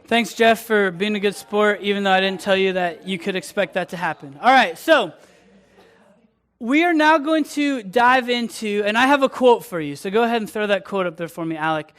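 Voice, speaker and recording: A man's voice: high-pitched, lively intonation, moderate pace, a bit bright, clear, resonant tone. A man leading a youth ministry night, upbeat and joking with the room as he runs a game and a lesson. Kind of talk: lively youth group game and teaching.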